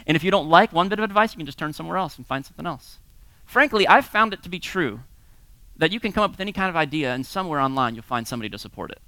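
A man's voice: fairly high pitch, rapid-fire, no echo. A man in his thirties or forties, from the United States, giving a sermon-style talk full of personal stories, chuckling often and acting out voices. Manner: lively storyteller, chuckles often, acts out voices. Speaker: pastor teaching a series.

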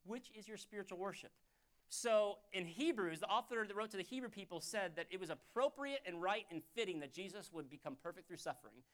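A man's voice: sits high, lively intonation, fairly quick. Fervent man preaching a sermon. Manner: fervent, conversational preaching that swings from hushed to loud. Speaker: pastor.

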